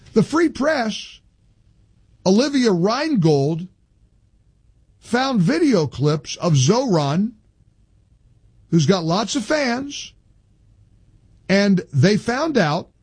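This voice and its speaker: Male radio host, slightly high voice, indignant and emphatic, studio monologue. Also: slightly rough, no room sound. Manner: indignant, emphatic, with many restarts. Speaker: radio talk show host. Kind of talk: opinionated talk radio monologue.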